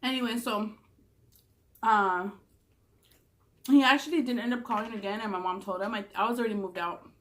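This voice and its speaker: A young woman with a Southern California accent telling a story casually in a vlog, swearing a lot and acting out quotes in a higher voice. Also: normal speed, long pauses, a bit bright. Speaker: vlogger. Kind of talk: casual storytelling while eating.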